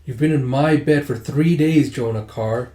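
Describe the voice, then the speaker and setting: A man's voice: medium pitch, moderate pace, dark tone, lightly acted. A man reading aloud and voicing a determined young woman who talks in an earnest, reassuring way. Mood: firm. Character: determined young woman, kind but firm. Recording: roomy echo.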